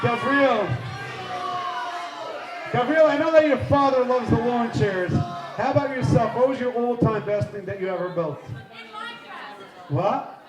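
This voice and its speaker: A man hosting a live quiz game at a party, energetic and playful, shouting out countdowns to the crowd. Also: extremely high pitch, measured pace, pauses often. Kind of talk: lively live event hosting. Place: large indoor party hall. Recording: echoey hall with music and crowd.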